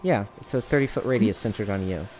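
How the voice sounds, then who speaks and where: A man running a tabletop game as game master, talking in halting bits with frequent restarts. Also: fairly low pitch, a little mellow. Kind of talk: narrating a tabletop game over voice chat. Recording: music playing behind.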